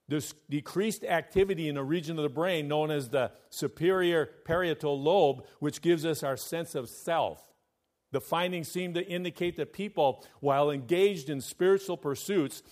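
A pastor preaching a sermon in a slightly raised voice. He delivers it emphatically, swinging between loud, ringing declarations and quiet, close asides to the congregation. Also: on the high side, normal speed.

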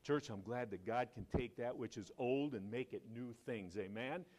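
Male preacher, mid-range voice; conversational sermon with call-outs and sudden loud emphasis. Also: medium pitch, moderate pace. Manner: conversational storytelling, asks the congregation questions. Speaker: pastor.

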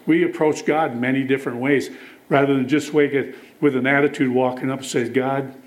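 Man, preacher, sermon, storytelling, scripture reading, mid pitch. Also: steady tone, fairly quick, poor audio. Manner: storytelling, quotes scripture, asks the congregation questions.

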